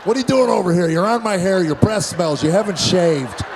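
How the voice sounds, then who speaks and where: A man's voice: high voice, expressive, fairly quick, background noise. A man voicing an irritated wife complaining to her husband in a comedy routine. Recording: live show with loud crowd.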